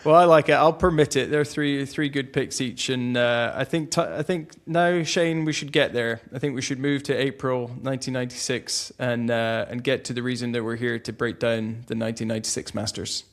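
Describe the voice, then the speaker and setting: A man with a mid-range voice co-hosts a casual sports podcast. He talks in a relaxed, steady way, setting out the details and laughing along with his co-host. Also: medium pitch, fairly quick, hardly any pauses. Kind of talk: casual golf history chat.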